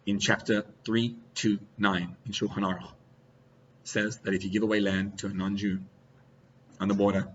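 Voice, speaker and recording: A man giving a sermon as a rabbi, animated, swinging between loud outbursts and quiet asides, with Hebrew and Yiddish terms mixed in. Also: fairly low pitch. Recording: slightly dull recording with faint hiss.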